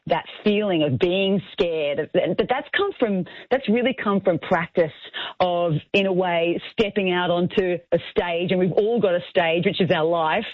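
A woman's voice: on the low side, moderate pace, dry recording. An author and speaker, a woman, talking in an earnest, encouraging way as a radio interview guest. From Australia. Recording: tinny phone line.

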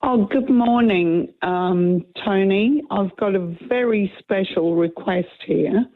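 A woman calling into a talkback radio show, hoarse from a cold, talking earnestly and rambling with restarts. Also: medium pitch, slow pace. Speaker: caller. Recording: tinny phone line.

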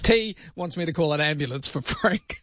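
An Australian man hosting talkback radio, easygoing and arguing back calmly. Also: fairly high pitch, normal speed, no room sound, highs cut off. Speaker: radio host.

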